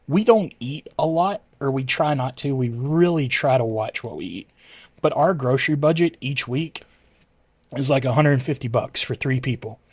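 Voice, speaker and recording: A man's voice: medium pitch, no room sound. A man chatting casually with his livestream viewers, rambling and correcting himself as he answers chat messages.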